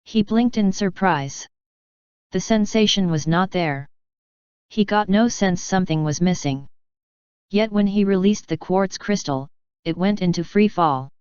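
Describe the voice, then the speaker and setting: A woman reading fanfiction aloud as an audiobook, in a steady, even storytelling manner. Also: mid-range voice, unhurried, smooth, dry recording. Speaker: fanfiction reader. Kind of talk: audiobook narration. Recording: dull lo-fi dry recording.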